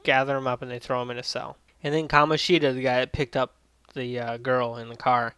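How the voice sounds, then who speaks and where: A man's voice: medium pitch, level tone, a little fast, a bit bright, smooth, no echo. A man casually recapping and reviewing an anime episode, rambling with lots of fillers and swearing freely.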